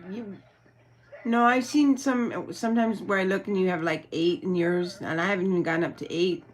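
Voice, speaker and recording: A woman's voice: lowish voice, fairly even intonation, normal speed. A woman vlogging at home with her dog. She chats in a rambling, giggly way and uses lots of fillers. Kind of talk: casual livestream chat.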